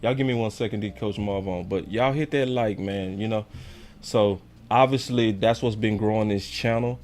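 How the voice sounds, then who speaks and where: A man's voice: on the low side, fairly even intonation, normal speed, darkish tone. A man hosting a live call-in fan show, talking in a loose, slangy way and pressing viewers to hit like. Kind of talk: casual live-stream chat.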